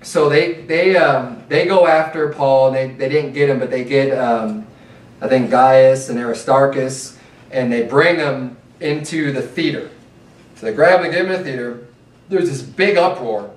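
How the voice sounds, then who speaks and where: A man's voice: mid-range voice, moderate pace, roomy sound, far from the mic. A man preaching a sermon in a church in a loose, conversational way, mocking his opponents with chanted slogans. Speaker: pastor. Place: church sanctuary.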